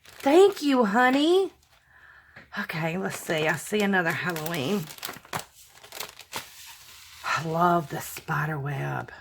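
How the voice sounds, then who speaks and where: A woman's voice: fairly low pitch, expressive, slow, gravelly, pauses often, a little hiss or hum. A middle-aged woman, chatting to her viewers in a casual vlog and gushing over fan mail. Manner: gushing, effusive, sighing with emotion. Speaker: crafting vlogger opening fan mail. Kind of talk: casual unboxing chat to viewers. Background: crinkling paper and packaging.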